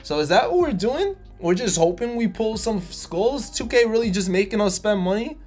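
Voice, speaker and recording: A young man doing casual gameplay commentary for his channel, energetic and sarcastic, and he bursts into loud excitement. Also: high-pitched, moderate pace, faint music behind. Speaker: gaming YouTuber.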